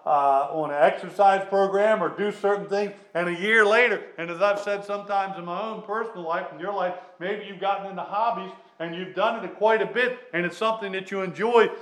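Earnest man preaching, pitch a touch high. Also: rough recording. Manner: earnest, halting preaching with many restarts and fillers; swings between loud emphatic lines and dropped, quiet endings. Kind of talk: sermon.

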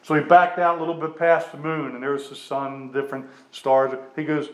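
Earnest man preaching, pitch a touch high. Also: poor audio. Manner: earnest, halting preaching with many restarts and fillers; swings between loud emphatic lines and dropped, quiet endings. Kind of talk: sermon.

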